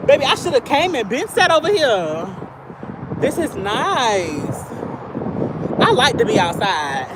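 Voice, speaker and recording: A trans woman walks through an outdoor field on a phone livestream, telling stories in a loose, slangy, chatty way. Her voice sits high. Steady highway traffic rumbles loudly under everything she says. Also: a little slow, long pauses. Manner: chatty, slangy storytelling while walking outdoors. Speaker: vlogger living in a car. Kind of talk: casual livestream chat. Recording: loud outdoor traffic noise.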